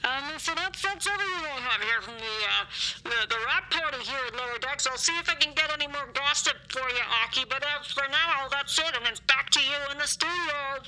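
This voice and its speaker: A high-voiced female party reporter played by a woman, signing off a comedic mock news report with breezy patter and stray fillers. Her tone is very bright and sharp. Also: brisk, poor audio.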